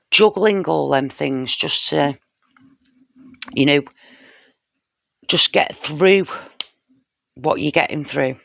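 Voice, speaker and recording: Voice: medium pitch, gravelly, a bit bright, no room sound, studio quality. A tarot reader giving a casual spoken reading straight to the viewer, heartfelt and intimate, often checking in with "you know" and "yeah?".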